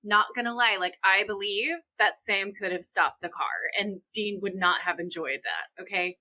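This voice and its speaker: A woman's voice: medium pitch, moderate pace, bright, forceful tone, low-quality recording. A young woman co-hosting a podcast, animatedly retelling scenes and quoting the characters in her own voice. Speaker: podcast co-host. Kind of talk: casual recap chat.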